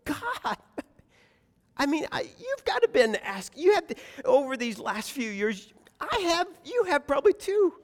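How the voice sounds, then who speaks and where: High-voiced guy preaching, all fired up, acting out prayers, lots of echo in the church. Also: sing-song, a little slow. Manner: impassioned, voices anguished prayers, repeats phrases. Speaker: pastor. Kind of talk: sermon. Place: church sanctuary. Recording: long hall reverb.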